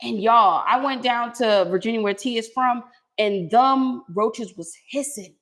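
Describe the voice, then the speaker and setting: Lively Boston woman telling stories. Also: on the high side, a little slow. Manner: animated storyteller, laughs often. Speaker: co-host of a live stream. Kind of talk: casual chat.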